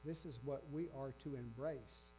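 A man's voice: mid-range voice, moderate pace, mellow. A man preaching a sermon with emphasis, repeating his key phrases. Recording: dull lo-fi with faint electrical hum.

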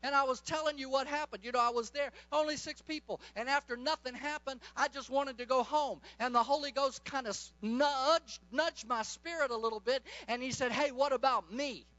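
A middle-aged male preacher delivers a charismatic sermon in a high, bright, sharp voice, fervent and commanding. He speaks briskly with hardly any pauses, and the dry recording sounds dull and lo-fi.

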